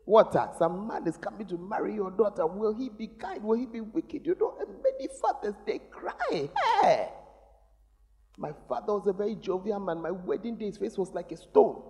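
A middle-aged male pastor preaching a sermon, teasing the congregation with sudden shouts. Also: high-pitched, sing-song, moderate pace. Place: large church. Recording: long reverb of a large church hall.

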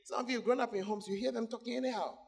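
A man with a notably high voice preaches to his congregation. He talks animatedly, breaks into laughter between points and keeps calling out questions to the people in the pews. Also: fairly even intonation, very fast, breathy edge. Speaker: pastor. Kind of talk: sermon.

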